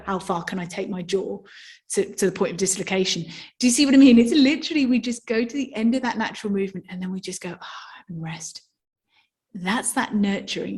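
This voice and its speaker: A woman at a mid pitch, teaching somatic movement to a workshop group. She explains in an animated way, often turning to rhetorical questions. Now and then she acts out a yawn or a sigh to show what she means.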